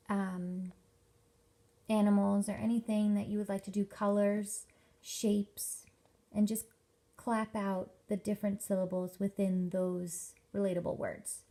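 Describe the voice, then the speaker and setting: A young woman teacher giving a workshop presentation to parents, explaining slowly and carefully with lots of examples. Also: mid-range voice, creaky, warm tone. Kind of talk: instructional presentation.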